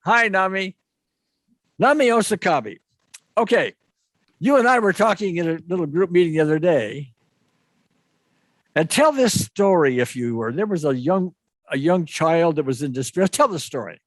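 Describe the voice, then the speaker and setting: A man's voice: on the high side, lively intonation, normal speed, long pauses, dry recording. A man hosting an online webinar, talking in a loose, rambling way and checking in with "okay?". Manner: rambling, restarts and asks "okay?". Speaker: webinar host. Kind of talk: casual teaching talk. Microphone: video call.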